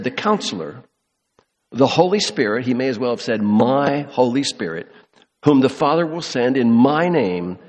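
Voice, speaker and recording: A man preaching a sermon, emphatic, slowing on key words and dropping soft at the ends of phrases. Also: mid-range voice, big-room sound. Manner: emphatic, slows for stress, drops soft at ends. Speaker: pastor.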